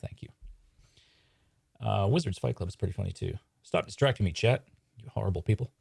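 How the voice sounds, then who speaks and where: A man's voice: on the low side, brisk, gravelly, pauses often, darkish tone, slightly rough, dry recording, clean studio sound. A man writing comedy live on stream, talking casually and hesitantly with many fillers. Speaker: sketch writer and streamer. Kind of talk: live sketch-writing chat.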